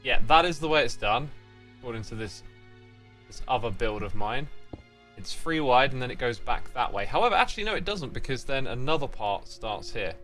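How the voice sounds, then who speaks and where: A man hosts a relaxed gaming livestream, chatting with viewers and reading their messages aloud. His voice is bright and sharp, and his pitch swings a lot, especially when he jokes. Faint music plays behind him. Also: a little fast. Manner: reads chat messages aloud and answers them while playing; playful, teasing fake sign-offs. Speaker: livestream host. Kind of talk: casual gaming livestream chat.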